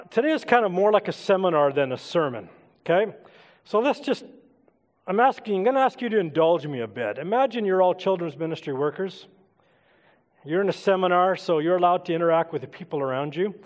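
A man's voice: high-pitched, animated, normal speed, pauses often. A middle-aged man preaching an interactive sermon, casually coaxing the congregation to join in. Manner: conversational, coaxing the congregation to take part. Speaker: pastor. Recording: long hall reverb.

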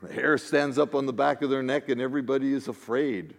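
A man, a pastor, preaching a sermon in an expressive style that swings between hushed asides and emphatic declarations. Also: mid-range voice, fairly quick, gravelly. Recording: long reverb of a large hall.

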